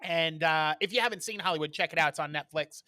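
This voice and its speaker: Guy podcast cohost rambling through a story, lots of ums, high bright voice. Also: quick pace, no room sound. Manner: storytelling with many fillers and laughs. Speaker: podcast co-host. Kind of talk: casual chat.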